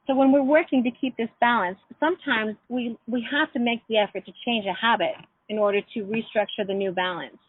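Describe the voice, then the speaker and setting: A middle-aged woman gives a gentle, reflective teleclass lesson in a slightly high, breathy voice. The sound is dry and tinny, like a phone call. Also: fairly quick, no echo. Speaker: teacher of an online class. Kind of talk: teleclass lesson with personal stories. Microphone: phone or computer call.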